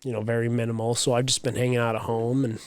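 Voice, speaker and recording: A man's voice: mid-range voice, level tone, fast talker, clear, resonant tone, no room sound. A man co-hosting a podcast, talking in a laid-back, casual way about his work week. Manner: laid-back, laughs often, rises when joking. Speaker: podcast co-host; works for a paving company. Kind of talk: casual chat.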